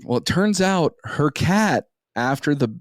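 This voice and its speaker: Profane rambling podcast host, dry sound. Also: male voice, on the high side, expressive, a little slow, dry recording. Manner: crude, rambling, profane anecdote telling. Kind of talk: casual storytelling.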